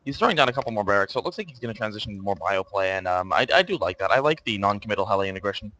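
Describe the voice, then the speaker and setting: A young man casting a video game match in a relaxed, jokey way, laughing often. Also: on the low side, very fast, dull audio. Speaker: esports caster. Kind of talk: casual game commentary.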